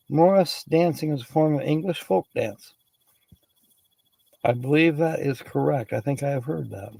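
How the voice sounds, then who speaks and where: Man, livestream host, raspy gravelly voice, mellow tone, chatty, laughs a lot. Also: a little high, measured pace, pauses often, dry recording, rough recording. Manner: chatty, laughs often, greets viewers by name. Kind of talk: casual chat, reading word origins aloud.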